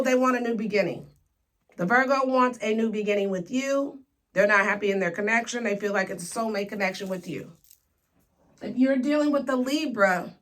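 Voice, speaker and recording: Woman, tarot reader, casual monologue, sassy, playful, slangy, fairly high voice. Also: fairly bright tone.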